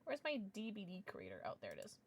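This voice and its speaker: A woman's voice: mid-range voice, huge pitch swings, fast talker. A young adult woman streaming from home, chatting casually and gushing at her chat with sudden squeals.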